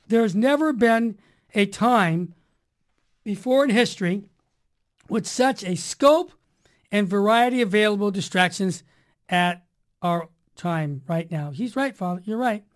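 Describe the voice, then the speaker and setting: A woman hosting a Catholic talk radio show, speaking emphatically in an energetic, preachy monologue. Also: medium pitch. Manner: emphatic, preachy, energetic, swinging loud and soft. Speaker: radio host.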